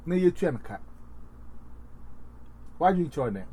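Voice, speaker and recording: A man, chatting in a halting, rambling way with many fillers and restarts. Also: a little high, very animated, dark tone, breathy edge. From Ghana. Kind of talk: casual chat.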